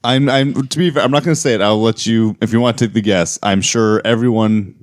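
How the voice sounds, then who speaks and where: A man co-hosting a podcast, telling a story in a halting way with repeated words and laughs. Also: lowish voice, steady tone, no room sound, studio quality. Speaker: podcast co-host. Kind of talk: casual chat about comic book movies.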